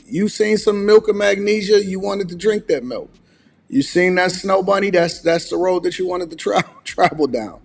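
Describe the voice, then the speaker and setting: A man with a somewhat high voice co-hosts a casual reaction podcast. He mocks and teases in loose slang, talking it over with a friend. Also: normal speed, vocal fry. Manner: mocking, slangy, teasing. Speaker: podcast co-host.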